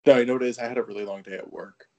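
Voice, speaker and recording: A man of middle pitch chats as a guest on a sports podcast. He is easygoing, jokes around and cheers his host on. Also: fairly even intonation, very fast, mellow, muffled recording. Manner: easygoing, joking, encouraging. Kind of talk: casual sports podcast chat.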